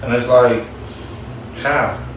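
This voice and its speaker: A man's voice: mid-range voice, steady tone, takes it slowly, slight background noise. A man hosting a casual advice talk, speaking conversationally and repeating his points for emphasis. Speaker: talk show host. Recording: echoey room, mic at a distance.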